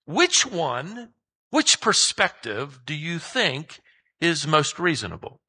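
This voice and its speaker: God as a gentle, patient father, voiced by a preacher, with a high, bright, slightly husky voice. He asks calm, reasoning questions. The tone stays kind and unhurried. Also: heavily acted.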